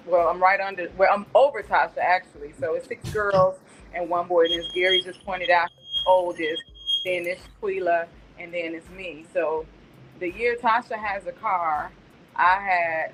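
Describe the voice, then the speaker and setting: A woman's voice: on the low side, fairly bright tone, low-quality recording. Woman fondly reminiscing about a nephew. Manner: chatty, rambling, tender storytelling. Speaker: guest, aunt of the deceased. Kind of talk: casual remembrance on a talk show.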